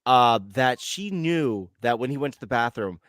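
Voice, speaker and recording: A man's voice: medium pitch, expressive, moderate pace, a bit bright, no echo, clean studio sound. A man co-hosting a casual film commentary, chatty and laughing, hesitating with fillers. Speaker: podcast co-host.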